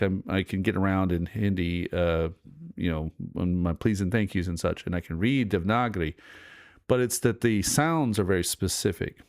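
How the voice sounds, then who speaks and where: Brief middle-aged male host, low voice, dry close sound, casual rambling commentary. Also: dry recording. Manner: rambling, digressive, with many fillers and restarts.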